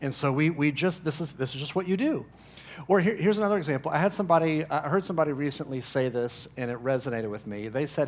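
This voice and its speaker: Middle-aged male pastor, Southern US accent, light tenor, animated, conversational sermon delivery. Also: fairly high pitch, fast. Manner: animated storyteller, acts out quoted voices with rising emphasis.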